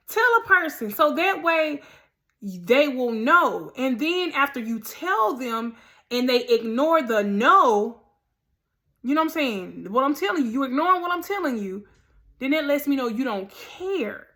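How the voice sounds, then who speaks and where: Talking directly to listeners, a woman hosting a faith podcast gives a casual motivational monologue in an emphatic, preachy manner. Her high voice has a sharp, sing-song quality at a measured pace.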